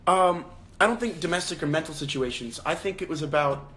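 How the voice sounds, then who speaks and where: A young man hosting a casual livestream book club from his phone. He thinks out loud with many restarts and fillers, and raises his voice when he quotes lines. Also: on the high side, fairly quick, a little hiss or hum.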